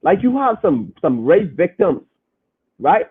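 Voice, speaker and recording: A man's voice: high-pitched, big pitch swings, takes it slowly, breathy edge, phone-quality sound. A man hosting a podcast, preaching emphatically and repeating his points as he reads comments from the chat.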